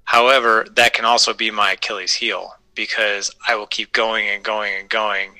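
A man in his forties chatting casually as a podcast guest, self-deprecating and quick to laugh. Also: on the low side, flat delivery, sharp tone, soft background music, low-quality recording. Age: 40s. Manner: self-deprecating, laughs often, breaks into playful voices. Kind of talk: casual interview chat.

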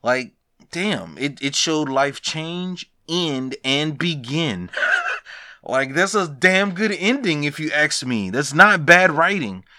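A man hosting a solo podcast, talking in a blunt, profane, animated way and laughing between rants. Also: on the high side, slow pace, no room sound, clean studio sound. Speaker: podcast host. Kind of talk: casual solo podcast rant.

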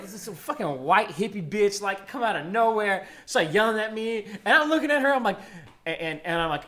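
A man's voice: sits high, lively intonation, quick pace, fairly bright tone. A young man in his twenties telling a rowdy story in casual chat, full of slang and swearing. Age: 20s.

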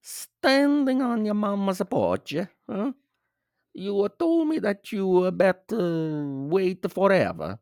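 A man's voice: high-pitched, big pitch swings, a little mellow, no echo, studio quality, voice pushed up, heavily acted. A man putting on a hammy Northern Italian accent. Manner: drawn-out, sing-song recital.

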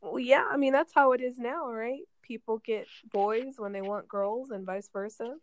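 A woman's voice: a little high, steady tone, moderate pace, no room sound. A woman in casual conversation, rambling and chatty and laughing often. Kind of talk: casual chat.

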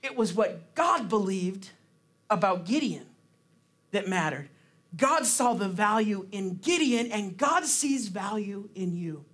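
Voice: medium pitch, lively intonation, takes it slowly, a bit bright. A preacher giving a casual, conversational sermon, talking chattily with many fillers and restarts. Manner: chatty, laughs often, acts out quotes.

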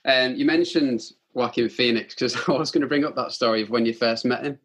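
A man's voice: mid-range voice, brisk, a bit bright, slightly rough. A man hosting a podcast, asking a guest questions in an easygoing, conversational way. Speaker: podcast host. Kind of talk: casual interview questions.

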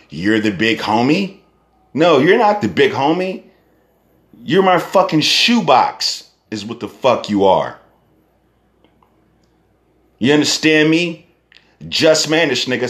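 Profane Bay rapper ranting heatedly. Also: male voice, lowish voice, a bit bright. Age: young adult. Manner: heated, profane and repetitive, with rhetorical questions.

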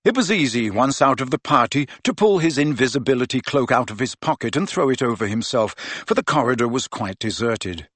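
A male audiobook narrator reading fiction with a steady, even delivery. His voice is bright and a touch husky, recorded dry and close with no room sound. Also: mid-range voice, a little fast, hardly any pauses, no echo.

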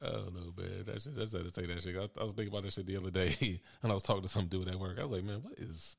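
A man's voice: deep voice, fairly even intonation, very fast, gravelly. A young adult man co-hosting a casual chat, telling stories with a laid-back, laughing, profane manner. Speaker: podcast co-host.

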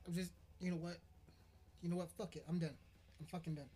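A man's voice: on the high side, steady tone, a little fast, dark tone, slightly rough. A man hosting a podcast, ranting in anger, swearing constantly and stumbling over his words. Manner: profane, stammering, heated. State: furious. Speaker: podcast host. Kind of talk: angry podcast sign-off rant.

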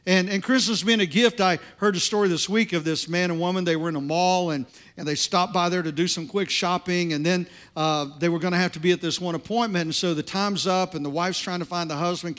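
A man preaching to his congregation, telling a funny story and reading scripture in a relaxed, conversational way with frequent restarts. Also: high voice. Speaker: pastor. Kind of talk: sermon.

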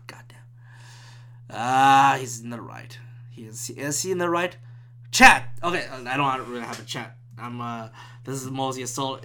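A man with a bright, sharp voice rants through a solo podcast from a room at home. He swears freely and swings between loud outbursts and hushed, muttered whispers. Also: on the high side. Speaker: podcast host and stand-up comedian. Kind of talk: rambling solo podcast rant.

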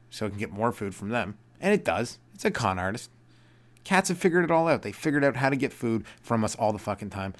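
A young man hosting a solo comedy podcast, rambling and swearing as he acts out other people in high put-on voices. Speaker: podcast host.

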